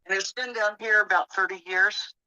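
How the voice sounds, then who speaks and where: A woman's voice: mid-range voice, fairly even intonation, moderate pace, sharp tone, smooth, no room sound, dull audio. A woman with a Southern US accent, a friendly, chatty guest on a casual livestream.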